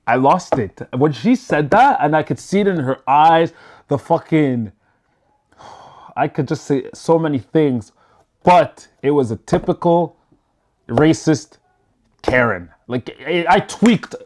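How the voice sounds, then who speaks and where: Animated, cursing man telling a story. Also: fairly high pitch. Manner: animated, swears freely, chatty with lots of fillers. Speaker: storyteller vlogger. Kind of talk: casual story time.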